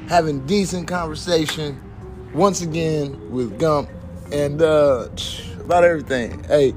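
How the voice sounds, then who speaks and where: A man hosting a casual podcast, telling profane, animated stories and laughing often. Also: on the high side. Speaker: podcast host. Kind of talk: casual chat, storytelling.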